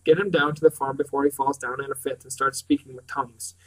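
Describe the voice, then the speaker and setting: A man reading aloud, voicing a flustered, excitable Welsh farmhand with little change from his own voice. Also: mid-range voice, quick pace, distant mic, close to an everyday voice, rough recording. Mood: baffled.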